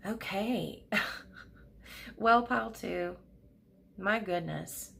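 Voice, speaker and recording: Middle-aged woman, tarot card reader, soft and soothing, low gravelly voice, faint hiss behind her. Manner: gentle, emotional, soothing, speaks slowly with soft pauses. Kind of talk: pick-a-card tarot reading. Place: home room at a desk.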